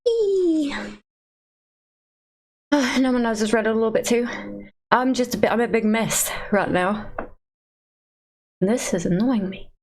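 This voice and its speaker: Long pauses break up this livestreamer's casual talk to her viewers' live chat from her computer. She has an Eastern Kentucky accent, being from Eastern Kentucky, USA, and rambles self-deprecatingly in a voice on the high side, at a moderate pace with fairly even intonation.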